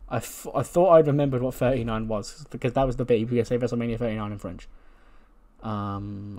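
A man's voice: medium pitch, steady tone, a little fast, a little mellow. A man casually narrating his wrestling simulation playthrough, chatty, laughing at his own jokes and swearing now and then. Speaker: gaming commentator. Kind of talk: casual play-by-play of a wrestling sim game.

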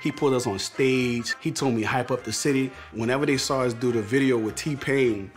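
A man's voice: mid-range voice, moderate pace. A young man, a comedian telling his story in a laid-back, slangy way in a casual interview. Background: music.

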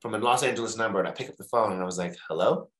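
Animated man telling stories in a roomy space. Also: lowish voice, rapid-fire. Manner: animated storyteller who acts out quoted voices. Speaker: TV entertainment host, interview guest. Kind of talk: casual interview storytelling.

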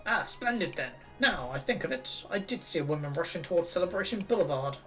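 A man voicing a pompous, posh older gentleman in a video game, in a plummy put-on upper-class voice. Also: a little high, lively intonation, a little fast, soft background music. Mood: condescending.

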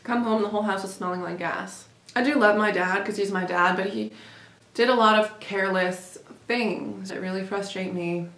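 A woman's voice: medium pitch, steady tone, moderate pace, a bit bright. Young woman vlogger rambling through a story, roomy echo. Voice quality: casual, rambling, swears when heated. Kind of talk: storytime vlog.

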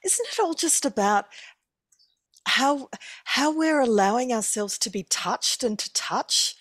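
A woman in a casual group conversation, musing aloud in a halting way and repeating words. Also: a little high, animated, fairly bright tone, no echo.

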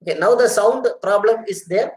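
A man's voice: high voice, normal speed, low-quality recording. A middle-aged man giving an earnest online lecture, repeating his phrases and addressing listeners as sir and madam. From India. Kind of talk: online lecture with audience questions.

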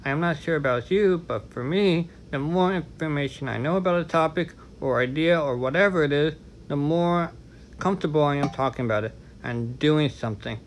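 A man's voice: a little high, brisk, slight background noise, low-quality recording. A man vlogging in a casual talk to camera, frank and candid, with chatty asides.

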